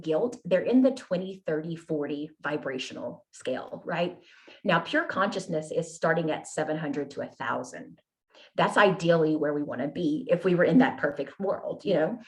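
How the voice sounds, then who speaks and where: A woman guest telling her personal story in an earnest, candid way, often checking in with "right?" and "you know?". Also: deep voice. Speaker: podcast guest.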